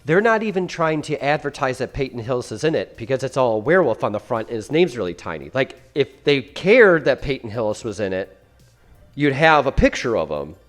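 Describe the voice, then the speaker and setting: Animated, blunt man reviewing movies. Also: medium pitch, fairly quick, faint music behind. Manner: blunt, swears freely, animated. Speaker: podcast co-host. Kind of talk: casual movie review chat.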